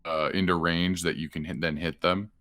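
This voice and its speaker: A man running a tabletop game as dungeon master, calmly explaining rules and narrating monster attacks. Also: sits low, moderate pace.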